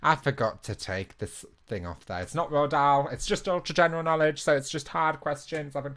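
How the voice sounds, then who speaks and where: A young man hosting a live online quiz on his own from a small room. He reads the questions in a chatty, relaxed way, keeps the banter going, and jokes about his own efforts. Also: a little high, moderate pace. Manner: chatty and self-mocking, laughs at his own attempts at impressions. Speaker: quiz host.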